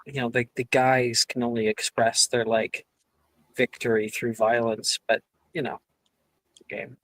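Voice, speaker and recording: A man's voice: medium pitch, level tone, a little slow, a bit bright, no echo. Man, tabletop player in character, loose and teasing delivery, dead-dry recording. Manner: rambling, playful, laughs mid-sentence. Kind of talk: in-character role-play.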